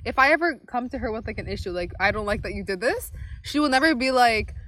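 A woman's voice: a little high, animated, fast talker, a bit bright, slight background noise. A young woman co-hosting a podcast, chatting casually and earnestly, laughing easily. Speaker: podcast co-host. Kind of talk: casual chat.

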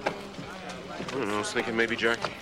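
A man's voice: medium pitch, sing-song, normal speed, background noise, close to an everyday voice. An actor playing a stern, proud male surgical resident who talks in clipped, curt replies. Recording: TV drama clip with hospital bustle.

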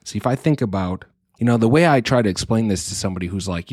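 A man in his thirties talks alone into a close microphone, with a fairly low voice. He muses earnestly and thinks aloud, often restarting his sentences. The sound is dry, with no room echo. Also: expressive, fast talker, darkish tone. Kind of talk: reflective solo monologue.

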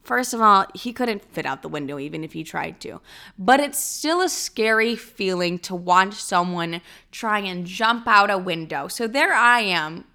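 Bright, crisp young woman telling stories. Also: measured pace. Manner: animated, crude, swears freely, acts out quotes in a high voice. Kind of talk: casual storytime monologue.

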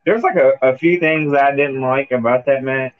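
A man's voice: mid-range voice, normal speed, no echo. Rambling man on a tinny call line. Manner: rambling, hesitant, full of "uh" and "like". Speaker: podcast co-host. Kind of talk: casual chat recapping wrestling. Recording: tinny phone-like call audio.

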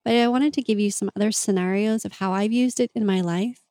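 A woman's voice: mid-range voice, a little fast, warm tone, no room sound. A woman hosting a podcast, talking in an earnest, open and confessional way in a reflective monologue. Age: adult parent. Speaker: podcast host and mentor.

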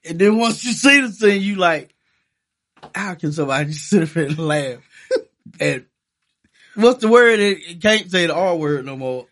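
High husky man, lively casual chat. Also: moderate pace, long pauses. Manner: laughing often, trading movie quotes. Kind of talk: casual chat quoting movie lines.

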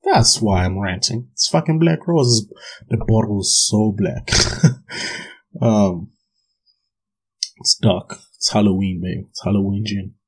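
Sipping gin as he goes, a young South African podcast host rants solo in a lowish, fairly even voice, speaking slowly with long pauses; he swears, laughs and keeps restarting. His voice is slightly rough, and the recording quality is low.

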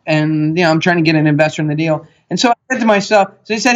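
A man guest on a talk show, telling stories and acting out what people said in a lively, animated way. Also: high-pitched, fast talker, hardly any pauses. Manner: animated storyteller, acts out quotes. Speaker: podcast guest expert. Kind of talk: casual interview talk. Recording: dull lo-fi sound.

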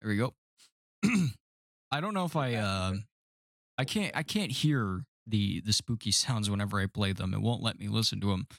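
A man's voice: lowish voice, animated, moderate pace, gravelly, no echo, studio quality. Jokey young man hosting a podcast. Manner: jokey, self-mocking, stumbles over words. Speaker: podcast host. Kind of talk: casual podcast chat.

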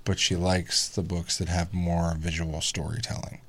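A man in his thirties chatting casually as a podcast guest, telling family stories animatedly, swearing freely and mimicking squeaky kid voices. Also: flat delivery, moderate pace, fairly bright tone. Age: 30s. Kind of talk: casual chat.

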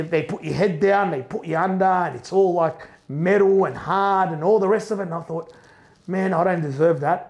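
A middle-aged man telling an emotional first-person story, animated, repeating and restarting as he goes. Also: high voice. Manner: animated, repeats and restarts, acts out quoted voices. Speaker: business owner telling his story.

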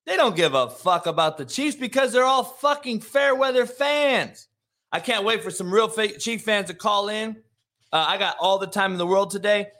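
A man hosting a live sports talk show, ranting combatively with heavy swearing and bursts of shouting. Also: high-pitched, animated, normal speed. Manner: profane, combative, shouting rants.

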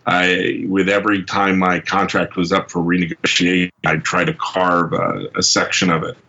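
Excitable man with a lively bright voice. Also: sits low, moderate pace, muffled recording. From England. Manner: rambling, excitable, many restarts and fillers, acts out quotes. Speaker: comic book writer, guest. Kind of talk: casual interview anecdotes.

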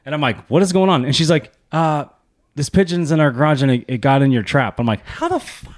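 Fast-talking, profane male podcast host. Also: fairly high pitch. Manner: fast, profane, animated storytelling. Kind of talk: casual sports chat.

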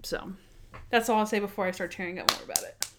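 A woman's voice: mid-range voice, fairly even intonation, background noise. A young woman co-hosting a podcast, chatting casually and enthusiastically about a TV episode and acting out bits of its dialogue. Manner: gushing, quick to act out dialogue in character voices. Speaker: podcast co-host. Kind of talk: casual chat reviewing a TV episode.

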